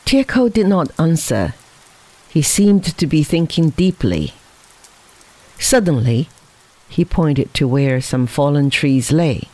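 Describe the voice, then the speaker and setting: A reader narrating a story in a measured storybook manner. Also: mid-range voice, very animated, mellow, rough recording. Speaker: audiobook reader. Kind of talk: scripted narration.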